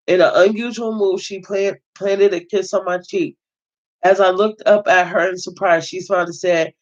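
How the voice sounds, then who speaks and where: A man reading a novel aloud as host, steady but with occasional stumbles and self-corrections. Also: high voice, moderate pace, dull audio.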